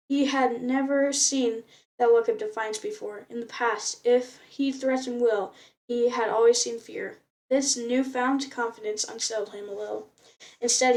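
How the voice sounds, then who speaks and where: A woman's voice: on the high side, a little mellow, recorded from a distance. Woman reading aloud, stumbling often. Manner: unpolished reading, frequent stumbles and restarts. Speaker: reader.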